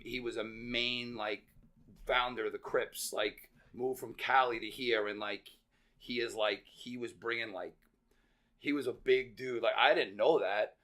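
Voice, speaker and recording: A man guest on a podcast telling lively stories in casual chat, swearing freely and acting out the people in them. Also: fairly low pitch, normal speed. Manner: animated, swears freely, acts out voices. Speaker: podcast guest, real estate veteran. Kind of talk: casual storytelling.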